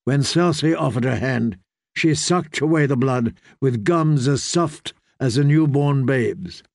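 A man reading a fantasy novel aloud in measured storytelling narration. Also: mid-range voice, gravelly, a little mellow, dry recording, clean studio sound. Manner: measured storytelling, voicing characters. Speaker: audiobook narrator.

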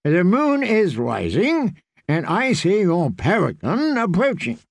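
A man's voice: high voice, huge pitch swings, takes it slowly, gravelly, dry recording, voice pushed up, heavily acted. A man reading an audiobook, voicing an arrogant, mocking knight in a raised, drawling voice. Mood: sardonic. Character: arrogant sardonic male knight, dangerous.

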